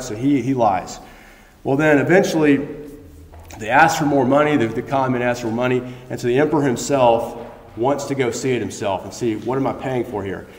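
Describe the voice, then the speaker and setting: Preacher in an echoey church hall. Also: male voice, medium pitch. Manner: conversational, animated storytelling with many restarts. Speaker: pastor. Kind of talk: sermon. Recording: echoey hall, long reverb.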